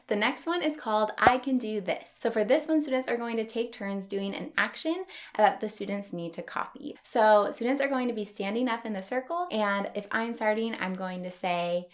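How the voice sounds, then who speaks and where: Young woman teacher explaining stuff step by step, upbeat and clear, middle pitch. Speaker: elementary school teacher. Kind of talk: explaining classroom routines to other teachers.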